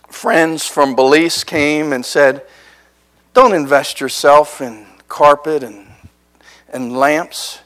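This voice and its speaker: Male pastor, middle-aged, unhurried sermon delivery, storytelling that swells into passion. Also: on the high side, clear, resonant tone, low-quality recording. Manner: conversational storytelling building to impassioned preaching.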